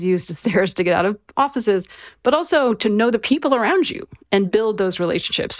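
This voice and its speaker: A woman who is an author, giving conversational interview answers and explaining things clearly, with casual fillers. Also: fairly low pitch, no room sound, highs cut off. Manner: conversational, clear, with frequent fillers like "you know" and "right".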